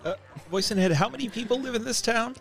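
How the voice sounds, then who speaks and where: A man playing a tabletop game, asking dry deadpan questions. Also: extremely high pitch, quick pace, vocal fry, soft background music. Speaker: player.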